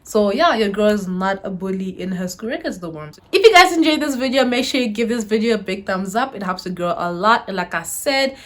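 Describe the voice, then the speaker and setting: Animated young woman telling a storytime. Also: medium pitch, fairly quick, hardly any pauses. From Zimbabwe. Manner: animated, dramatic, talks to viewers. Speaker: YouTuber. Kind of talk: storytime vlog.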